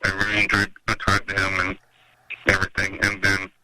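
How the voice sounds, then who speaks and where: A man's voice: completely flat delivery, a little fast, bright, forceful tone. A man organizing a metal festival, telling long rambling stories in a casual interview and acting out what people said. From Minnesota, USA. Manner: rambling storyteller, acts out quotes in a higher voice. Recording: noisy radio interview audio.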